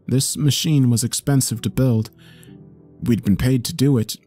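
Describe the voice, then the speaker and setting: A man's voice: medium pitch, a little slow, mellow, soft background music. A man narrating a first-person story in an intense manner that includes swearing.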